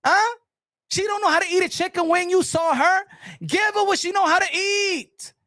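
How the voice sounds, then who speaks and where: A man from New City, doing a loud, profane, taunting comedic rant as an online commentator. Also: very high voice, steady tone, normal speed, no room sound, studio quality. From New York City.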